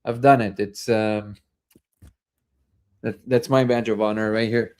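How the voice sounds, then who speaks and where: A man's voice: fairly low pitch, fairly even intonation, unhurried, darkish tone. A man hosting a live discussion show, telling stories in a rambling way with many fillers and restarts. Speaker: host.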